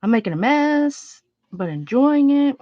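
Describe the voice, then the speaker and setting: A woman's voice: high voice, big pitch swings, unhurried, dark tone, no room sound. Woman host, casual rambling livestream talk, sniffling, dry and a bit muffled. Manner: chatty, rambling, greets viewers, thinks aloud. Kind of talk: casual livestream chat while painting.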